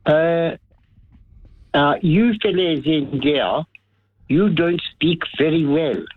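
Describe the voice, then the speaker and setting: A man's voice: on the high side, animated, takes it slowly, dry recording. A male caller on the phone putting on a chatty older man with an Irish accent, teasing the hosts. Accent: put-on Irish. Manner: switches between put-on accents. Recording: phone line.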